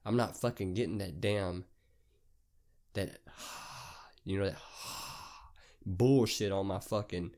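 A young man talking on his own podcast in a low-pitched voice, telling a loose, rambling story. He swears freely and leans on slang, the way you would talk to a friend. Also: darkish tone. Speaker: podcast host. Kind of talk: casual storytelling monologue.

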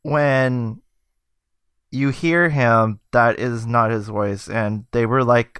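A man's voice: lowish voice, fairly even intonation, slow, fairly bright tone, smooth, dry recording. Guy cohost sharing movie trivia, lots of uhs, dry close mic. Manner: chatty, trails off with fillers, laughs easily. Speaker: podcast co-host. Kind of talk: casual film chat.

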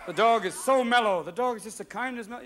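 Manic stand-up comedian, high voice. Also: male voice, a little hiss or hum. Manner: manic, rapid jumps between voices. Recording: live show with loud audience laughter. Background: audience laughter.

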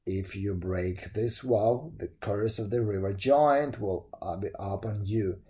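A man voicing a deep-voiced river giant who speaks slowly and solemnly, in a storybook reading. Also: warm tone. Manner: slow, solemn pronouncements.

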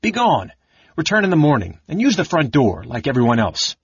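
A man's voice: fairly high pitch, animated, measured pace, slightly rough, no echo, highs cut off, voice pushed up, full character voice. A man voicing a fussy, timid male library scholar who gets indignant and stammers when flustered.

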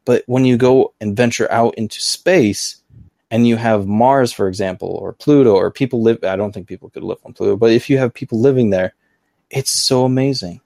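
A man's voice: medium pitch, normal speed, gravelly, darkish tone, dry recording, clean studio sound. A man co-hosting a live podcast, chatting casually and thinking aloud with eager restarts. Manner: enthusiastic about the topic. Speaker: podcast co-host.

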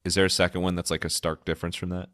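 A man's voice: deep voice, little pitch movement, rapid-fire, fairly bright tone, no room sound, studio quality. A man hosting a casual interview, laughing often and reacting with enthusiasm. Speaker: host.

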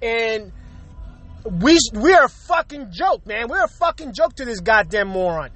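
A man's voice: extremely high pitch, very animated, moderate pace, fairly bright tone, soft background music. A young man hosting his own podcast, ranting in a profane, exasperated way and repeating himself a lot. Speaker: podcast host. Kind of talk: solo rant podcast.

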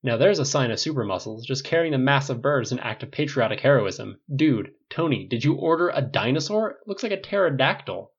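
A man voicing an excitable, joking archer buddy who talks loudly and jokily, on a dull lo-fi recording. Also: medium pitch, a little fast, few pauses, breathy edge, voice pushed up. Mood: excited. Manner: loud, jokey.

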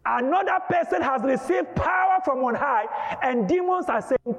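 A high-voiced male preacher gives a dramatic, emphatic sermon, often rising to a shout. The sound is dull and lo-fi. A long reverb trails off every word in the church hall. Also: animated, fairly quick, hardly any pauses.

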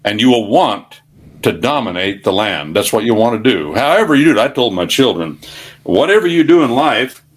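An older man with a lowish voice speaks as a talk radio guest. He rambles through folksy anecdotes and breaks into sermon-like questions, homespun and unhurried. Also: lively intonation.

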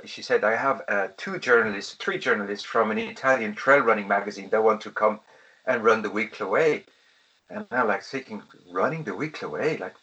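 Male guest, bright tone, animated storyteller, dull lo-fi audio. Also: medium pitch. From France. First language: French. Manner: animated, lively anecdotes with quoted exchanges. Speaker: podcast guest, head of regional tourism. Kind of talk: conversational storytelling.

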